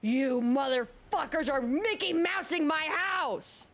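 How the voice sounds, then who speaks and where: A furious middle-aged woman customer screams curses at the top of her lungs, her voice jumping far above its normal pitch, as a woman storyteller puts her on. The rant comes out loud and shrill. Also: expressive, slow pace, heavily acted. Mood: enraged screaming.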